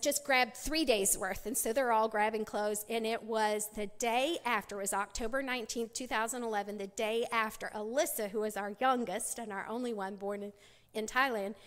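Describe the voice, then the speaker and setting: A middle-aged woman giving a personal testimony at a church women's conference, storytelling with many restarts. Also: a little high. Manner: storytelling, many restarts, acts out quoted voices. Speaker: conference speaker. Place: church sanctuary. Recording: long hall reverb.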